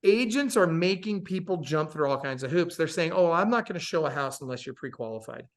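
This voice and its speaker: A man as a podcast guest, telling stories in an emphatic, sarcastic, animated way. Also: on the high side, fairly quick. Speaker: podcast guest, real estate coach. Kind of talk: casual storytelling interview.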